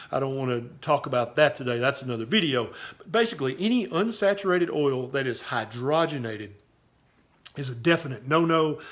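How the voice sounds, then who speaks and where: A man with a Southern US accent giving emphatic, folksy health advice straight to camera as a doctor, often checking with "okay?". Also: mid-range voice. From Southern US, Tennessee. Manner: emphatic, folksy, repeats "okay?" to drive points home. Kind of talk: direct-to-camera health talk.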